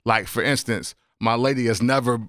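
A man's voice: medium pitch, moderate pace, a bit bright, no echo. A man talks casually in a podcast, rambling and stacking up fillers as he goes. His voice sits in a middle range. The sound is dry and close. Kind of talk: casual chat.

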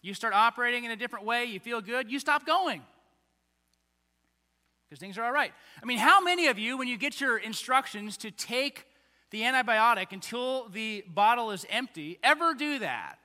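A man preaching a conversational, animated sermon as pastor, acting out little voices along the way. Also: extremely high pitch, normal speed. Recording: long hall reverb.

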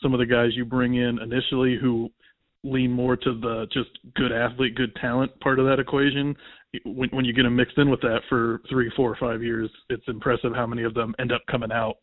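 A man's voice: medium pitch, little pitch movement, a little fast, dry recording. Man talking over a phone line. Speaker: podcast guest. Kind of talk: casual sports chat. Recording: tinny phone line, dry.

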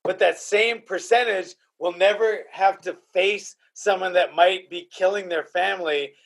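A podcast host in casual chat, emotional and profane, often repeating himself. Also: male voice, sits high, a little slow, gravelly, fairly bright tone.

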